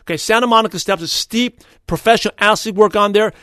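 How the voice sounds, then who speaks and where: A man hosting a podcast, telling casual stories and quoting people in quick back-and-forth. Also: high voice, pushed and bright, no room sound, studio quality. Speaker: podcast host. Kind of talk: casual storytelling monologue.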